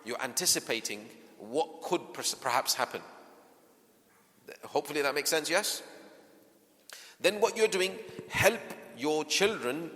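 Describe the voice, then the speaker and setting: A man's voice: on the high side, animated, unhurried, pauses often. A man giving a parenting workshop in a mosque hall, often asking his audience rhetorical questions. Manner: softens into gentle acted lines to a child. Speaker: workshop speaker. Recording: long hall reverb.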